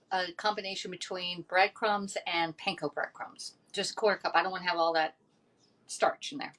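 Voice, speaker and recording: A woman's voice: mid-range voice, a bit bright. A woman hosting a casual cooking demonstration, chatty and rambling, often laughing at herself. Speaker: home cooking host. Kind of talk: casual cooking demo chat.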